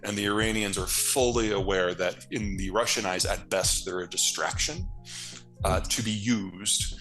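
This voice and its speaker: Deep-ish guy from the us laying out his take bluntly, talks easy and plain, faint music under him. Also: a bit bright. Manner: blunt, fluent explaining with casual asides. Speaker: geopolitical analyst guest. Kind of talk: interview answers.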